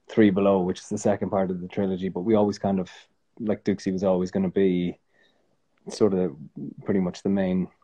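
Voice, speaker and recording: An Irish man talking casually as a guest in an interview, relaxed and rambling, with many fillers and restarts. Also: low-pitched. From Ireland.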